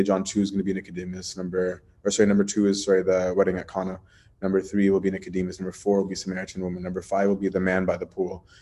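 A man's voice: low-pitched, mellow. A man teaching a Bible study in a casual, chatty way, often asking "right?" and using plenty of fillers.

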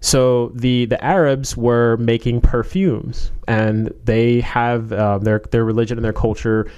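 A man's voice: medium pitch, fairly even intonation, a little slow, a little mellow, clean tone, muffled recording. Man, casual chat, rambling storyteller, filler words, joking asides.

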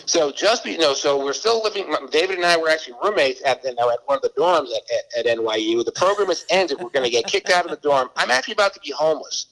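A man's voice: fairly high pitch, expressive, fast talker, few pauses, fairly bright tone, poor audio. A middle-aged man from Boston, a guest author telling stories in a casual interview, rambling and often stumbling over and repeating his words.

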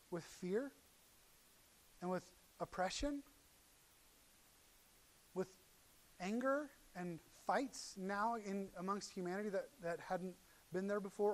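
A middle-aged man preaching from the pulpit in a fairly high voice. He tells the story with animated energy, jumping from loud, excited outbursts to quiet, hushed asides as he acts out the characters. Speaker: pastor. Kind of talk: sermon.

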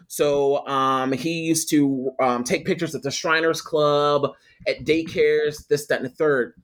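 A young adult man, a guest telling a personal story with lively quoted voices. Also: fairly high pitch, moderate pace. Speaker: guest, photographer and attorney. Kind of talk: storytelling in a podcast interview.

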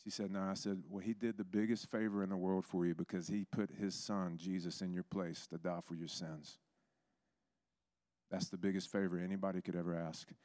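Low-voiced man preaching a sermon. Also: flat delivery, a little fast, warm tone, dry recording, clean studio sound. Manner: storytelling, acts out quoted voices.

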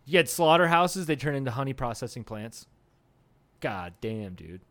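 A man's voice: mid-range voice, big pitch swings, moderate pace, a bit bright. A young man co-hosting a comedy podcast, riffing in a casual, profane way and laughing often. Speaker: podcast co-host.

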